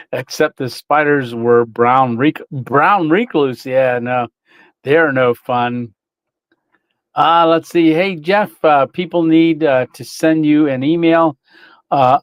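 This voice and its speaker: A man's voice: mid-range voice, no echo. A man hosting a casual livestream, reading chat, greeting viewers by name and laughing often.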